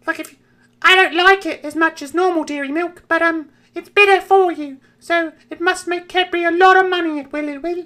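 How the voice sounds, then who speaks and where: A man's voice: extremely high pitch, fairly even intonation, a little fast, pushed and bright, voice pushed up. A man voicing a naive, gushing little boy who stammers and uses old-timey exclamations.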